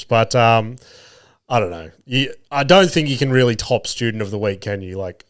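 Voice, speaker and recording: It's an animated, medium-pitched male voice at normal speed, recorded in studio quality without echo. The speaker, a thirty-something Australian podcast host, casually recounts crude stories about his kids, swearing and laughing at them.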